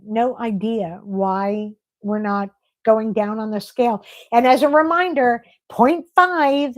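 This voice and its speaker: A middle-aged woman hosting a casual live stream, chatting and reading viewer comments aloud in an animated way. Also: a little high, no room sound, rough recording. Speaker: livestream host.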